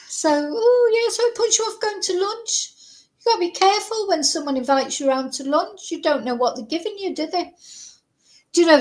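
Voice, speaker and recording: A middle-aged woman, a true crime channel host, telling a rambling, chatty story with frequent laughs and self-interruptions. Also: high-pitched.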